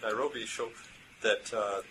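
A man playing a tabletop role-playing game, speaking in character in a halting, explanatory way. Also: fairly low pitch, steady tone, bright, forceful tone, rough recording. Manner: halting, explanatory, many fillers. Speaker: tabletop player. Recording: home recording with background noise.

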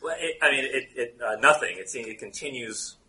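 Bright-voiced male game master. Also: mid-range voice, low-quality recording. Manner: halting, full of fillers and restarts. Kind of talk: narrating a tabletop game.

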